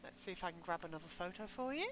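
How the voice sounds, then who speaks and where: Bright-voiced woman game master. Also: on the low side, animated, poor audio. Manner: halting, self-correcting, joking. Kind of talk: narrating a tabletop game.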